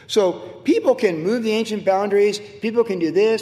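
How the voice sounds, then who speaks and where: Middle-aged man, pastor, preaching a sermon, high voice, long reverb of a church hall. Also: lively intonation, quick pace, darkish tone. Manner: emphatic, repetitive preaching.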